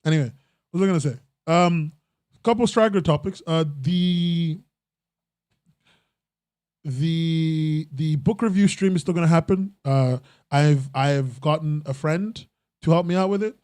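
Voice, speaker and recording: A man's voice: a little high, unhurried, a little mellow, no room sound. A young man hosting a casual podcast chat, rambling and breaking off mid-sentence, often laughing at himself. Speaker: podcast host.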